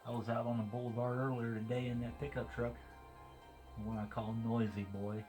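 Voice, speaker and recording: A man's voice: mid-range voice, little pitch movement, brisk, a little mellow, low-quality recording. Man, Missouri accent, casual rambling chat, chuckles a lot, plucked guitar music in background. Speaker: vlogger. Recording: guitar music playing behind.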